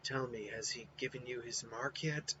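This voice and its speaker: A man voicing a frail, calm young male ninja who speaks quietly, slowly and reverently, on a dull, lo-fi recording. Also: mid-range voice, voice pushed down, lightly acted. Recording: dull lo-fi with faint hiss.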